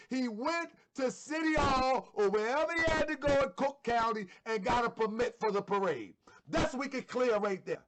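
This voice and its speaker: A man's voice: very high voice, moderate pace, noisy background. A man hosting an online show, giving fervent religious commentary and repeating phrases for emphasis. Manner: fervent, sometimes shouting.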